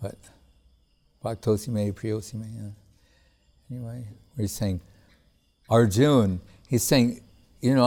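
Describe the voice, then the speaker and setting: A man giving a casual spiritual talk. He speaks in a relaxed, conversational way, chuckles often, and recites Sanskrit verses between plain remarks. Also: on the low side, takes it slowly, long pauses. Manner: relaxed and conversational, with frequent "like" and "you know". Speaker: spiritual teacher.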